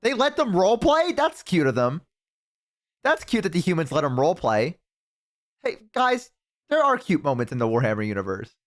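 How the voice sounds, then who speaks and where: A man's voice: on the high side, huge pitch swings, normal speed. A man streaming casual reaction chat, exclaiming, incredulous and swearing.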